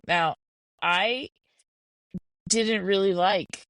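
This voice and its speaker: A woman co-hosting a film podcast, chatting in an animated and opinionated way. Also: low voice, moderate pace, no room sound, faint music behind. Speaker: podcast co-host. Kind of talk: casual film discussion.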